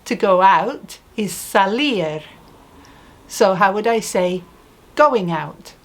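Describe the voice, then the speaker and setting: A woman's voice: mid-range voice, lively intonation, slow pace. A woman teaching a language lesson, patiently asking questions and modeling phrases for the learner. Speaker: Spanish teacher. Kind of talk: slow spoken language lesson.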